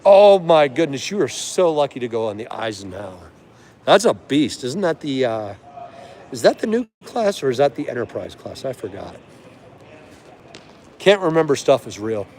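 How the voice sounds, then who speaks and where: A man's voice: mid-range voice, very animated, normal speed, darkish tone. A man hosting a live stream from an aviation museum, chatting with viewers and greeting each of them by name. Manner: chatty, friendly, answers chat by name. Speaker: livestream host.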